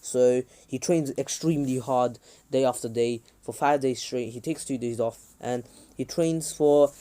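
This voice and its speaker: A man's voice: medium pitch, a little slow, warm tone, no echo. A young man casually retelling a fan story, rambling with lots of fillers and restarts.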